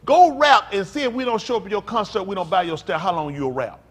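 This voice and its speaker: A man speaking as a pastor in an emphatic, preacherly talk, often building up to loud outbursts. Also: sits high, fast talker.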